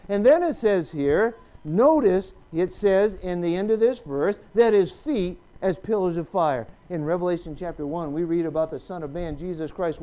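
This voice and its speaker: A man preaching a sermon, reading Bible verses aloud, asking the congregation questions and rising to loud, emphatic peaks. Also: sits high.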